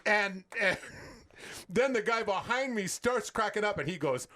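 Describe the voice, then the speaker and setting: A man's voice: sits high, animated, a little slow, sharp tone. A man co-hosting a sports radio show, chatty and anecdotal, with chuckling asides. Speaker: radio co-host.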